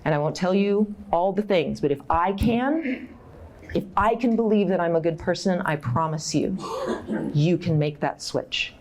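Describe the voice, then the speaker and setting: A middle-aged woman giving a live workshop talk at a conference, direct and encouraging, laughing often and jumping into high voices to act out inner thoughts. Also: a little slow. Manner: animated, acts out inner voices with big pitch jumps. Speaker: conference speaker. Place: conference room.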